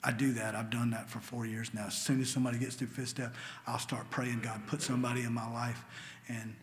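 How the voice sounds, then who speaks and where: A man's voice: mid-range voice, level tone, a little fast. Man, earnest recovery talk, reverberant church hall, faint background hum. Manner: earnest and emotional, drops to a near whisper at tender moments. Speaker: AA meeting speaker. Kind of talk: personal recovery story told to a meeting. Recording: long hall reverb with faint ambient noise.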